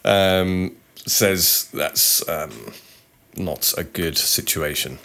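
A man's voice: low voice, drawn-out words, vocal fry, bright, forceful tone. A man co-hosting a podcast in casual chat, joking and teasing, with frequent hesitations. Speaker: podcast co-host.

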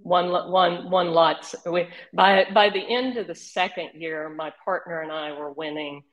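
An older woman with a Southern accent and an Oklahoma drawl, telling animated, laughing stories as an interview guest. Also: fairly low pitch, unhurried, dull audio. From Northeast Texas region. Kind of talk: casual storytelling.

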